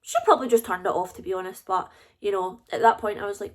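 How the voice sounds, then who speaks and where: Young Scottish woman, vlogger, chatty storytelling read with a fairly high voice. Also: fast talker. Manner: chatty, lively, confiding. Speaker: YouTuber. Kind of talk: casual storytime vlog.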